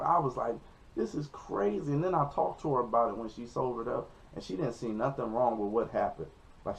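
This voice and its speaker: A young man in his twenties, a comedian telling a story in a casual vlog, animated and jumping into high yelps when he quotes people. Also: vocal fry. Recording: dull lo-fi recording.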